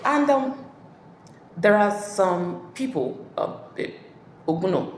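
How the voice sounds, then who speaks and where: A woman's voice: mid-range voice, animated, slow, slight background noise. A woman tutor giving a hesitant plot summary, full of fillers and checks that her listeners follow. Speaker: literature tutor. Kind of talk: exam-prep plot summary. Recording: echoey room with long reverb.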